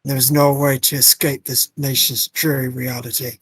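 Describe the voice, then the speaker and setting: A man's voice: mid-range voice, little pitch movement, normal speed, fairly bright tone, breathy edge, no room sound, poor audio. A man doing a doomed fighter in a shaky Irish lilt. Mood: solemn. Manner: attempts an Irish accent for the role. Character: resigned male arena fighter, doomed and calm. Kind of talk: voice-acting game dialogue on a livestream.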